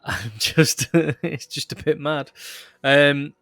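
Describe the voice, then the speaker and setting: A man's voice: a little high, slow pace, fairly bright tone, no echo, studio quality. A young man hosting a podcast in casual chat, laughing often and full of fillers. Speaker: podcast host.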